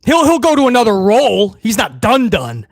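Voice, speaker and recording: A man's voice: very high voice, wildly swooping pitch, normal speed, no echo, studio quality. A man hosting a live wrestling watch-along stream, ranting bluntly and swearing freely in casual commentary.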